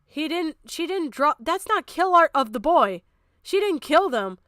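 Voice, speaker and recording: A young woman streamer rants angrily through a reaction stream, swearing freely and laughing between outbursts. Her voice is high, and the sound is dry and close. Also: big pitch swings, a little slow, fairly bright tone, no echo. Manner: angry, profane ranting with bursts of laughter. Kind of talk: live stream reaction commentary.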